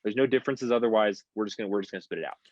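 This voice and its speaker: A man's voice: lowish voice, racing, a little mellow, dull audio, slight background noise. A young American man telling stories on a podcast, rambling and swearing freely. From United States. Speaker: podcast guest. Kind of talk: casual podcast chat.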